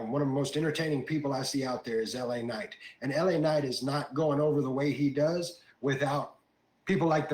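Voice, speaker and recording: A man hosting a podcast in casual chat, conversational with plenty of fillers. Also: fairly high pitch. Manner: conversational, lots of "you know" fillers. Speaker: podcast host. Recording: roomy echo.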